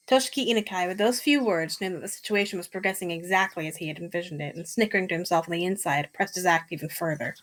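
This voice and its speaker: A woman's voice: lowish voice, fast talker, hardly any pauses. A woman steadily reading visual-novel narration aloud, matter-of-fact.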